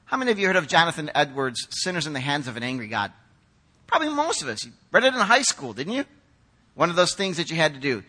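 A middle-aged male pastor giving a sermon, animated and conversational, acting out quoted critics in a chatty voice. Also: a little high, racing. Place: church sanctuary.

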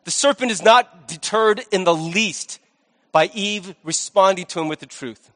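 Preaching in a loose, conversational style, a male pastor tosses jokey asides between his points. His fairly high voice is bright and forceful, and he takes his time. A large church hall leaves a long reverb trailing behind him.

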